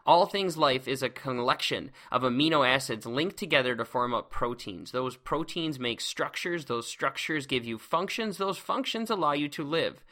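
A man's voice: mid-range voice, expressive, moderate pace, hardly any pauses, pushed and bright. A man hosting a casual science lecture podcast, seated at a close microphone, exuberant and playful, heaping on words like awesome. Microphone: close microphone, speaking seated.

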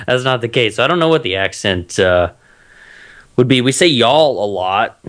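A man's voice: mid-range voice, animated, moderate pace, a bit bright. A man with a Texan accent, a guest in a casual interview, easygoing and reflective. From Texas. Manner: easygoing, reflective, with frequent restarts. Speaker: guest, author and blogger.

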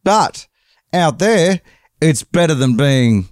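A man's voice: medium pitch, big pitch swings, unhurried, a little mellow, no room sound, clean studio sound. Rambling, profane English man. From England. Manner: rambling, profane, self-correcting. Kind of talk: casual storytelling.

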